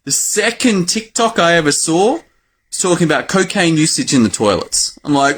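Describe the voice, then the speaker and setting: A man in his forties with an Australian accent, a doctor giving an animated educational talk to fellow doctors. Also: on the high side, normal speed, husky. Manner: animated, acts out his own exclamations.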